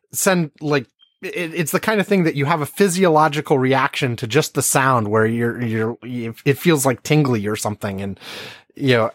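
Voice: mid-range voice, no room sound, clean studio sound. A podcast co-host in casual chat who rambles hesitantly, with lots of fillers and restarts.

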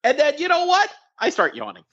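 A woman's voice: high-pitched, huge pitch swings, brisk, a bit bright, lo-fi sound. A woman co-hosting a podcast in casual chat, swearing freely and tripping over restarts. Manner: profane, exasperated, stammering restarts. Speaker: podcast co-host. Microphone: remote call line.

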